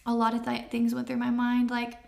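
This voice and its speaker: A woman in her thirties giving a personal testimony as an interview guest, emotional and halting with many fillers, near tears. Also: fairly high pitch, monotone, vocal fry.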